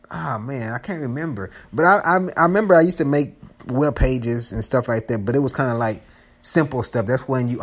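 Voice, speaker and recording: Loose, rambling male podcast host. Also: medium pitch. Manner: loose, rambling, jokey, restarts often. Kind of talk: casual chat.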